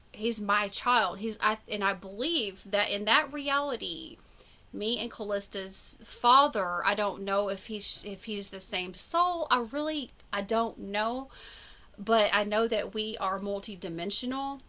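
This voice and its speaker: A woman's voice: medium pitch, bright, forceful tone. A woman talking casually to camera about her dreams, rambling with many fillers and restarts. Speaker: spiritual vlogger. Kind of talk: casual personal monologue.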